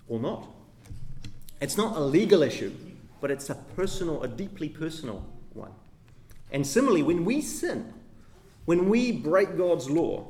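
A man's voice: a little high, a little mellow. A man preaching a sermon, reading scripture aloud and then explaining it with emphatic delivery and frequent tag questions. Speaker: pastor.

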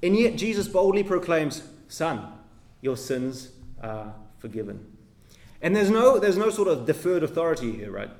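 A male pastor delivers a sermon, reading a passage aloud before explaining it. His voice sits a little high and moves with a lively, wide-ranging pitch. He speaks emphatically, stressing key words and checking in with the listeners. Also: moderate pace. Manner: emphatic, rising and falling delivery with tag questions.

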